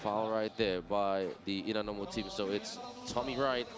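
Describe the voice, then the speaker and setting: A man commentating a live basketball game, energetic and chatty, greeting viewers in several languages. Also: lowish voice, normal speed. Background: crowd.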